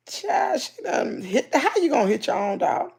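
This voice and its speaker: A livestream host from Mississippi with a Southern accent tells stories casually, using country slang and reading comments aloud. Her voice is on the high side, husky, with vocal fry, and she's animated, breaking into loud laughter.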